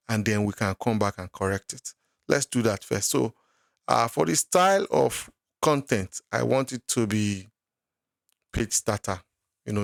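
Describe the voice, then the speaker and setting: A man teaching a software tutorial, talking patiently step by step through each click at his computer. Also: mid-range voice, gravelly, no echo, clean studio sound. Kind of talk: screen-recorded software tutorial.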